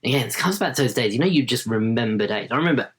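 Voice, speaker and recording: A man in his late thirties talks as a podcast guest in a relaxed, rambling way. His pitch sits in the middle range. He keeps checking in with "right?" as he tells his story. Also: racing, husky. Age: late 30s. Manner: chatty, tags sentences with "right?". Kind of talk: casual interview storytelling.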